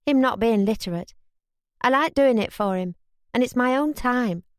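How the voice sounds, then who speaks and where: A woman's voice: on the high side, animated, moderate pace, no room sound, clean studio sound, voice pushed up, close to an everyday voice. Woman voicing an earnest young city woman.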